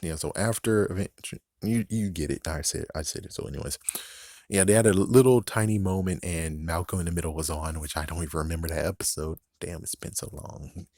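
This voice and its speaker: A man from the United States talks through a show in a loose, rambling, swear-heavy commentary, laughing and correcting himself as he goes. His voice sits very low. The recording is dry and close, with no room sound. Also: fairly quick, a little mellow, no room sound. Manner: rambling, profane, frequent laughs and self-corrections. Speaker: YouTube commentator. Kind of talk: casual reaction commentary.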